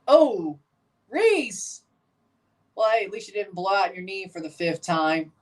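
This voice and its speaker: A woman's voice: mid-range voice, big pitch swings, a little slow, a little mellow, distant mic. A woman hosting a live watchalong stream, chatting with opinions and reacting aloud to the plays as they happen. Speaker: livestream host.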